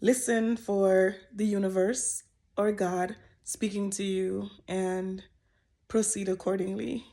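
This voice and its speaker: A woman vlogger telling a personal story in a candid, emotional way, using casual slang and frequent pauses. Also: mid-range voice, level tone, warm tone.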